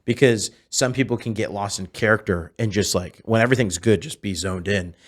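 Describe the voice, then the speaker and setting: A man in his twenties, a podcast guest telling animated stories in casual chat, often restarting his sentences. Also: lowish voice, fairly quick. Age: 20s. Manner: animated storyteller, frequent restarts. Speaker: podcast guest, celebrity impersonator.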